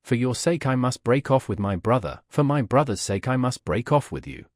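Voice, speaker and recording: A man reading the lines of an earnest, principled young woman in an audiobook, firm and measured. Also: medium pitch, expressive, no echo, studio quality, natural voice. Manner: firm, measured, appealing to reason.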